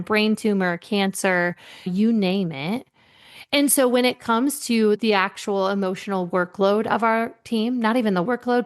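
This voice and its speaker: A middle-aged woman coaching on leadership tells her stories with energy, slipping into the voices of the people she quotes. Her voice sits at an ordinary middle pitch. She talks like a podcast guest in easy conversation. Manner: animated storyteller, acts out quoted voices. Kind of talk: storytelling in a podcast interview.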